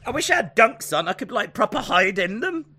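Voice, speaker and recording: A high, bright man with a lively, swooping voice, chatting playfully on a show. He laughs easily and keeps breaking into silly put-on voices. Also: brisk, slightly rough, dry recording. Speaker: co-host. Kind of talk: casual chat.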